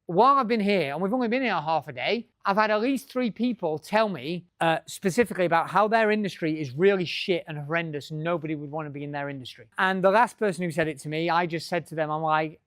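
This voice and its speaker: A man's voice: fairly high pitch, quick pace, hardly any pauses, a bit bright, no echo. Guy doing a business talk to a room, blunt and sweary, dry close mic. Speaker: business speaker. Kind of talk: live talk to an audience. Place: room with a live audience.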